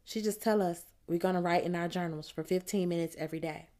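A woman reads a novel aloud in the first person, keeping her delivery plain and measured. Her voice sits a little below most women's. She sounds steady and unhurried as she narrates. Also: fairly low pitch. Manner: plain, measured storytelling in the voice of a teenage girl. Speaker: audiobook narrator.

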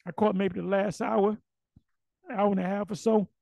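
Brief: middle-aged man, high gravelly voice going hoarse, blunt profane monologue, dry sound. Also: level tone, normal speed, a little mellow, no echo, rough recording. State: losing his voice. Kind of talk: casual monologue.

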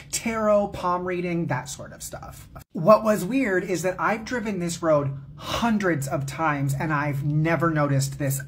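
A man's voice: a little high, slight background noise. A man in his thirties telling a story in a sassy, profane, theatrical way. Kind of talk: casual storytime vlog.

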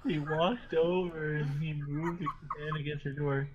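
A man's voice: on the high side, steady tone, a little slow, lo-fi sound, noisy background. A man hosting a podcast, reading silly stories aloud to friends and often breaking into laughter as he stumbles through them. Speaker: podcast host.

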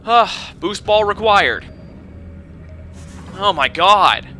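A young man commentating his own video game run, swinging between frustrated shouting and swearing and calm explanations of tactics. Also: sits high, drawn-out words, soft background music. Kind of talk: let's play commentary.

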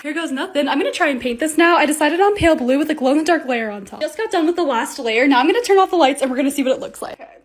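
A young woman narrating her own videos as a creator, bubbly and gushing as she shows off things she bought. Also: high-pitched. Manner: bubbly, gushing, quick and excitable. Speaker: TikTok creator. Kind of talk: casual vlog voice-over.

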